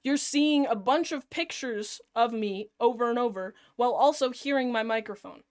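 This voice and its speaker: A woman streamer chatting to her viewers as she reacts to a video, excitable and rambling. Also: a little high, moderate pace. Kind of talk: casual live-stream reaction.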